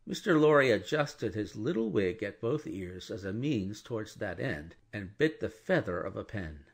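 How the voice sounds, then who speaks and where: A man narrating a classic novel as an audiobook, in an expressive, measured storytelling manner. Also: on the low side, vocal fry. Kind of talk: scripted narration.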